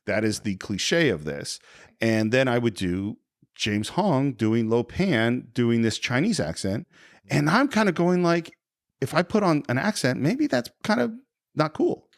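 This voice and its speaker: Man, film podcast host, expressive pitch, dry studio sound, thinks aloud. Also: a little slow, no echo. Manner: enthusiastic, thinks aloud with repeated words. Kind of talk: casual film podcast chat.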